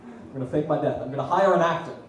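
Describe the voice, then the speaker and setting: A young man doing a stand-up comedy set, dropping deadpan asides and loud punchlines. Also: on the high side, quick pace, distant mic, slight background noise. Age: young adult. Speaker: student stand-up comic. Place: small comedy venue, audience laughing. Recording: very echoey room, heard from afar.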